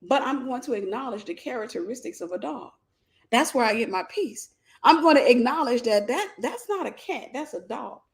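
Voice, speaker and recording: A woman's voice: fairly high pitch, animated, normal speed. A woman teaching a faith-based life lesson in a conversational way, telling stories with playful asides and acted-out voices. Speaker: Christian teacher and mentor.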